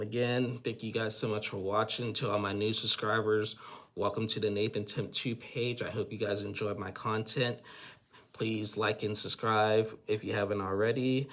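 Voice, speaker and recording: A man's voice: on the low side, fairly even intonation, moderate pace, a bit bright. A man hosting a casual, rambling recap of a reality show, chatty and full of restarts. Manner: rambling, chatty, with frequent restarts and "you know". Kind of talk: casual spoken episode recap.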